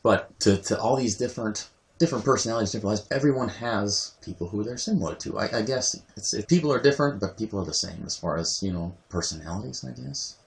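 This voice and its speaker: Deep-voiced, hesitant male co-host. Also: fast, vocal fry. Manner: hesitant, repeats words while thinking aloud. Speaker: guest co-host. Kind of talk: casual podcast chat.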